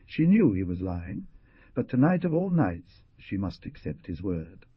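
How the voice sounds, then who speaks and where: Brief: male audiobook narrator, low and husky, dramatic, dry, muffled lo-fi recording. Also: measured pace, no echo. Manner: expressive, dramatic.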